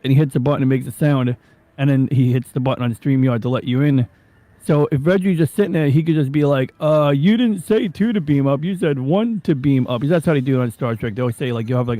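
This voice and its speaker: A man chatting casually on his stream, rambling and animated, often breaking into voices. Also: medium pitch. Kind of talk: casual chat.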